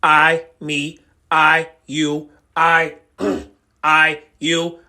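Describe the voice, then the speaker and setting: A man's voice: a little high, completely flat delivery, very slow, bright, forceful tone. A man giving ranting reaction commentary as a YouTube host, emphatic and repetitive, hammering the same words over and over. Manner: fired-up, lecturing the viewer.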